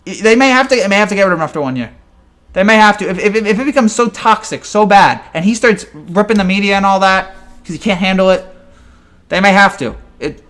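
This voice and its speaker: Exasperated high-voiced man ranting. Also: fairly bright tone. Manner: exasperated and ranting, with frequent stammered restarts. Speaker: sports fan commentator. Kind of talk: fan reaction rant.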